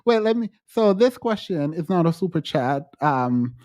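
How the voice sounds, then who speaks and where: A man hosting a livestream, talking frankly to his chat in halting restarts and growing emphatic when he quotes others. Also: on the high side, sing-song, darkish tone. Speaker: livestream host. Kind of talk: livestream chat answering viewers.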